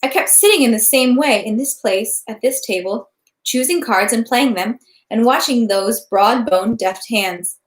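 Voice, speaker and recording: A woman's voice: fairly high pitch, expressive, a little slow, echoey room. A woman reading aloud the anxious, pleading lines of a young male count who is losing at cards. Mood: desperate.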